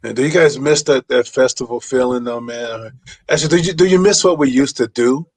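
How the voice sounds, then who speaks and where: A man's voice: medium pitch, a little fast. Laid-back male talk show host. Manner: loose, laughing storyteller who acts out quotes. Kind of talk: casual chat.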